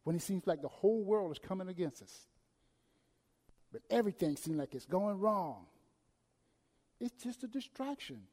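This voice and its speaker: High-voiced preacher in a reverberant hall. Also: male voice, lively intonation, moderate pace, pauses often. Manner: dramatic swings between loud and hushed delivery. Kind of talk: sermon.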